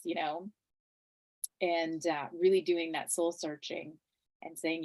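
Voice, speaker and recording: A woman's voice: deep voice, level tone, slow, long pauses, a little mellow. A woman hosting a conversation, speaking reflectively and using many fillers.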